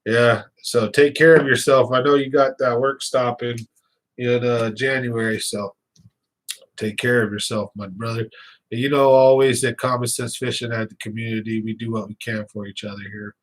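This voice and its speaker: A young man talks loosely to his viewers on a live stream, rambling from one thing to the next and breaking into laughs. His voice sits at a middle pitch and sounds a bit stuffy from sinus trouble. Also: steady tone, moderate pace. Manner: chatty, rambling, laughs often. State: slightly congested with sinus trouble. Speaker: fishing channel host.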